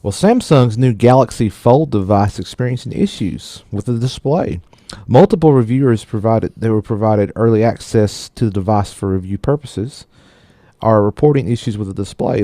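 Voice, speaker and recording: A radio tech show co-host with a fairly low, dark voice reads news stories aloud in a casual chat. He keeps tripping over words and laughing at himself. The recording is dry.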